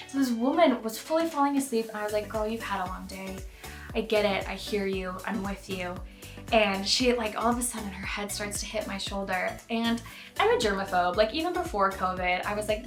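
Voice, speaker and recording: Bright chatty young woman storyteller. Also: mid-range voice. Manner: chatty, animated, many fillers and acted-out quotes. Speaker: vlogger. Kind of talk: casual storytime monologue. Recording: echoey room with faint music.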